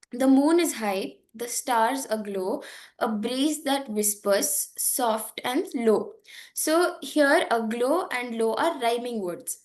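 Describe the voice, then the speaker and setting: A young woman leads a poetry workshop at an unhurried pace, her voice sitting a little high. She explains patiently, with frequent fillers and small check-ins with her listeners. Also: a little mellow. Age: young adult. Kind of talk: online lesson with slides.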